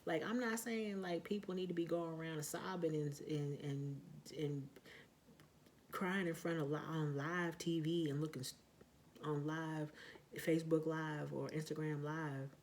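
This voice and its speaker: A woman talking in a casual vlog monologue, blunt and profane, with lots of fillers and emphatic, loud outbursts. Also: sits low, steady tone, unhurried, a little hiss or hum. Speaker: vlogger.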